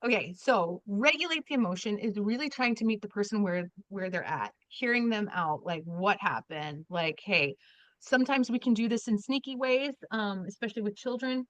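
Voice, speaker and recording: A woman's voice: medium pitch, expressive, moderate pace, fairly bright tone, dry recording. Chatty woman leading a video-call workshop. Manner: chatty, laughing, lots of likes and restarts. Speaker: trainer. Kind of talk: online workshop talk. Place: home.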